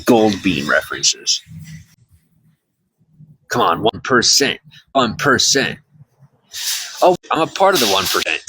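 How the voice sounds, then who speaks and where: A man's voice: fairly low pitch, big pitch swings, slow pace, pauses often, bright, forceful tone, slightly rough, low-quality recording. A man chatting casually on a live stream from his phone, rambling and reading viewer comments aloud.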